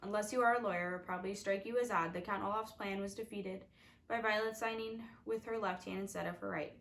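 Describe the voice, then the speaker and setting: A woman's voice: mid-range voice, steady tone, fast talker, vocal fry, a bit bright, low-quality recording. A woman narrating a storybook with wry, confiding asides to the reader. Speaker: audiobook reader.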